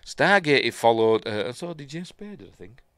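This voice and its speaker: A man's voice: mid-range voice, very animated, moderate pace, fairly bright tone, clear, resonant tone, no room sound, clean studio sound. Rambling Yorkshire man reading news. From Yorkshire, England. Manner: reads headlines aloud, then chats and rambles with fillers. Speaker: news stream host. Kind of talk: casual live news commentary.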